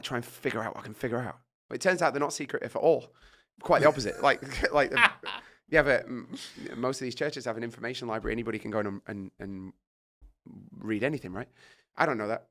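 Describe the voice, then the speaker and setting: British guy spinning a wild story, bright voice, swears a lot, acts out his own reactions. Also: mid-range voice. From Britain. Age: middle-aged. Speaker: guest. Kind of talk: casual storytelling.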